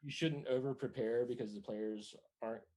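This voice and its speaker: A man's voice: medium pitch, fairly even intonation, moderate pace, mellow. A man running a live tabletop game as game master, narrating scenes in a laid-back way and laughing often.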